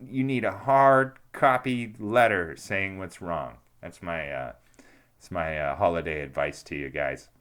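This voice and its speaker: Young male podcast co-host, low-pitched, rambling casual storyteller who acts out the dialogue. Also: unhurried, a bit bright, smooth. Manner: rambling, many fillers and restarts, acts out quotes in a raised voice.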